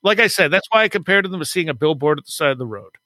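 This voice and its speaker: Here the same kind of speaker, an author and paranormal investigator appearing as a man guest on an interview podcast, talks rapid-fire in a high-ish, expressive voice with a pushed, bright tone and dry sound. Chatty and quick to laugh, he performs the quoted lines as he spins his casual anecdotes.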